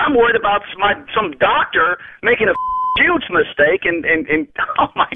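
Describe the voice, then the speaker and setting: A man's voice: very high voice, big pitch swings, brisk, vocal fry. A man on a phone call, agitated, stammering and swearing. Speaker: prank call victim.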